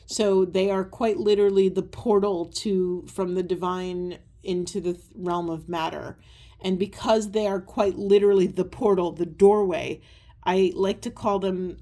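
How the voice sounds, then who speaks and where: A woman giving a spiritual oracle card reading, talking in a soft, earnest, meandering way with many pauses and ums. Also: lowish voice. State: tearful at times. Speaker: tarot and oracle reader.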